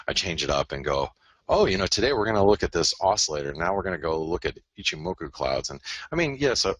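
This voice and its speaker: A man's voice: rumbling low, sharp tone, no room sound. A man hosting a live currency-market analysis broadcast, rambling, self-interrupting and joking as he goes through his charts. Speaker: host and currency trader.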